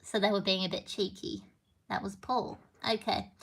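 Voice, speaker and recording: A woman's voice: mid-range voice, level tone, moderate pace, creaky, a bit bright, breathy edge. A woman hosting a trivia quiz on a casual live stream, chatty and meandering, with lots of fillers and little apologies. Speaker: livestream trivia host. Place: home with a piano.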